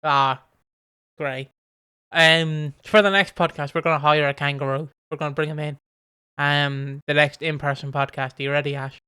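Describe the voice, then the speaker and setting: Guy rambling on a podcast, bright clear voice, lots of ums. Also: on the high side, fairly even intonation, moderate pace, no room sound. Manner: rambling, trails off with fillers, laughs easily. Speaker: podcast co-host. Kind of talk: casual chat.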